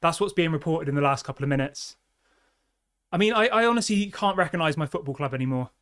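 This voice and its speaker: Young male streamer, upbeat fan chatter, slightly high voice, reads comments aloud. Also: expressive, quick pace, fairly bright tone. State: out of breath. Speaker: fan channel host. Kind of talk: live-stream fan chat.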